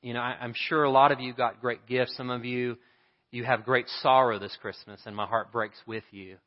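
A man's voice: mid-range voice, fairly even intonation, normal speed. A man preaching a sermon in a church, telling a story earnestly and then leading a prayer. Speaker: pastor. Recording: reverberant hall, dull lo-fi sound.

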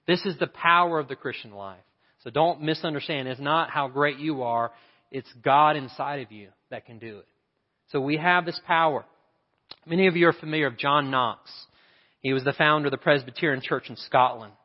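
A man's voice: a little high, moderate pace. Man preaching in a dull echoing hall. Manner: preaching with rising emphasis and rhetorical questions. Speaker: pastor. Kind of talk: sermon. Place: church sanctuary.

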